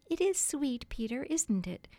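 A prim little storybook girl who fusses over everyone like a mother, her voice lifting high and lilting with earnest feeling, as a woman reading aloud puts her on. The sound is dry and close. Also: sing-song, a little slow, vocal fry, a little mellow, no echo, full character voice. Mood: tender.

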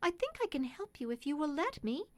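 A woman voicing a kind, refined lady who speaks softly and persuasively. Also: high voice, big pitch swings, brisk, voice pushed up. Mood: earnest, persuasive. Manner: soft, persuasive, polite. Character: kind gentle English lady, refined and earnest.

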